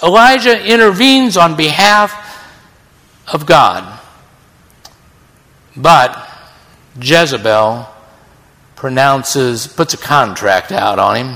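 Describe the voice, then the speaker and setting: Guy preaching a sermon, slow and dramatic, lots of echo from a big hall. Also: sharp tone. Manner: dramatic, storytelling delivery with sudden drops in pitch and volume. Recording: long reverb in a large hall.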